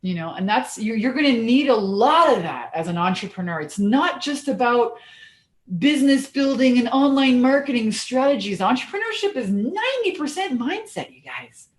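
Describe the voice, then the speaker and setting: A woman business coach giving an energetic, blunt motivational talk, swearing casually as she goes. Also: on the high side, moderate pace, echoey room.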